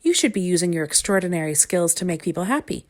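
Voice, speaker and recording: A woman reading a storybook aloud and voicing a small, timid man in a tiny high voice, bright and eager. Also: animated, fast talker, natural voice.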